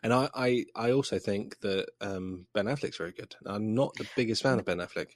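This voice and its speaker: A man's voice: lowish voice, brisk, no echo, clean studio sound. A man co-hosting a podcast, chatting in a jokey, easygoing way. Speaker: podcast co-host. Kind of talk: casual chat.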